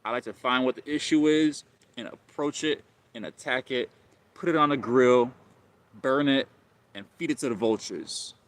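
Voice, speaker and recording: A man's voice: mid-range voice, moderate pace. A man hosting a live stream, talking casually and rambling, often repeating himself and calling listeners bro.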